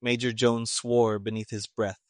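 A man narrating an audiobook in a steady, plain storytelling manner. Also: medium pitch, measured pace, dry recording, clean studio sound.

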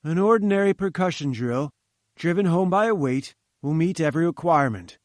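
Man doing an imperious bearded old scientist, commanding, dismissive, slightly high, dry close sound. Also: expressive, brisk, dry recording, natural voice. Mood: curt, haughty. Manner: commanding, dismissive, grandly emphatic. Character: imperious domineering male scientist, older, bearded. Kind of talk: audiobook character reading.

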